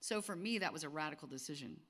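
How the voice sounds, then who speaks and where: A woman's voice: low-pitched, lively intonation, quick pace, a bit bright. A middle-aged woman talking casually to a group of women, chatty, with lots of restarts and asides. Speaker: speaker at a women's gathering. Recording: long hall reverb.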